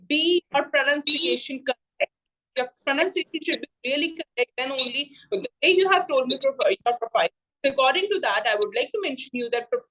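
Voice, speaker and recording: Indian woman tutor, high-pitched, patient explainer, online class. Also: a bit bright, poor audio. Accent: Indian English. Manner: explains slowly, repeats points, mixes in Hindi phrases. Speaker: spoken English tutor. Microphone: video call.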